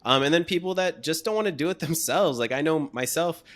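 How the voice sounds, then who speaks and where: A man's voice: on the high side, lively intonation, a little fast, fairly bright tone. A man hosting an interview podcast, asking questions casually and repeating words as he searches for his phrasing. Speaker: podcast host.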